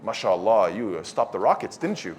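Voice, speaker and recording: A bragging would-be hero swaggers through his own story, voiced by a man putting him on with heavy sarcasm. The voice sits low and soft, mocking every word. It sounds like a teasing impression inside a talk. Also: sing-song, brisk, slight background noise. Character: boastful self-styled tough guy, mocked.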